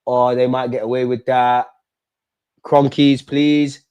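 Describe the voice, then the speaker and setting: A young man hosting a live football watch-along, talking at the players on screen and yelling at big moments. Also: medium pitch, slow pace, clean tone, lo-fi sound. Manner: excitable, talks to the players on screen; shouts and yells at goals and chances.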